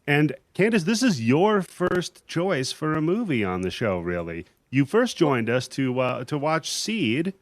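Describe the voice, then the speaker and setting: A man's voice: fairly high pitch, very animated, measured pace, few pauses, no room sound. A man hosting a casual horror podcast, loose and jokey, swearing freely. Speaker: podcast host.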